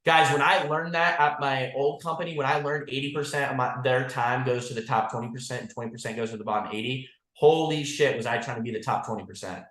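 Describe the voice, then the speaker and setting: A man's voice: mid-range voice, fairly even intonation, quick pace, hardly any pauses, fairly bright tone, echoey room. A man leading an insurance agency's team call, talking bluntly and profanely and saying "like" and "guys" constantly. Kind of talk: motivational team call talk.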